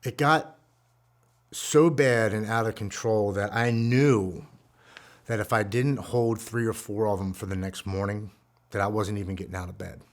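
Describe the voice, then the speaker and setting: A man in his forties speaks as a guest sharing his recovery story, his lowish voice holding a steady tone at a moderate pace. Earnest and raw, he relives painful memories with heartfelt personal storytelling.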